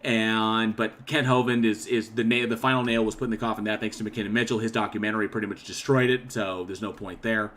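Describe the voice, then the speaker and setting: A man hosting a casual livestream, reading chat comments aloud and rambling with frequent throat clearing and restarts. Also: on the low side, fairly even intonation, fast, hardly any pauses, fairly bright tone. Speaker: channel host.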